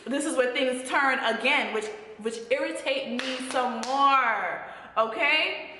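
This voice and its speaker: Vlogger: young Jamaican woman, sassy and animated, high bright voice, very echoey room with long reverb. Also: unhurried. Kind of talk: casual storytime.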